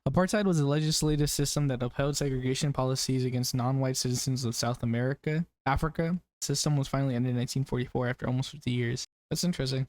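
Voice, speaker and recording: Excitable man reacting to an album. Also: medium pitch, fast talker, few pauses. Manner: excitable, exclaims and swears often; rambling with many fillers and restarts. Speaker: music reviewer. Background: the album playing faintly behind him.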